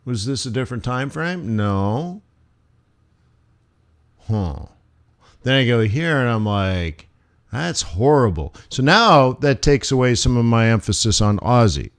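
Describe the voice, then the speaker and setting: A man teaching forex on a live stream, thinking aloud over charts with playful asides and sudden animated bursts. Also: medium pitch, unhurried, long pauses. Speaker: forex trading instructor. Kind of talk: live trading stream commentary.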